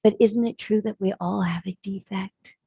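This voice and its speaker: Husky-voiced woman telling a parable. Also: medium pitch, steady tone, normal speed, mellow, no room sound. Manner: earnest, reflective. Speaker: speaker. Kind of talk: sermon storytelling.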